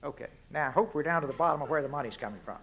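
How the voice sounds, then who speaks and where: This is a man in his sixties with a strong Texan accent and a notably high voice. He delivers a public address in a folksy, punchy way. He leans on plain, blunt rhetorical questions throughout. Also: very fast, gravelly, sharp tone, a little hiss or hum. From Texas. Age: 60s. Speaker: public speaker. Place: university lecture hall.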